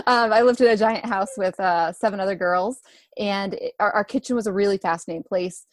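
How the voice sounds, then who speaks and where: A woman's voice: medium pitch, moderate pace, dry recording. Young woman, interview guest, easygoing chatty talk, dry close sound. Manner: relaxed and chatty, many fillers, laughs easily. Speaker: guest, runner and food blogger. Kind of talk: casual interview.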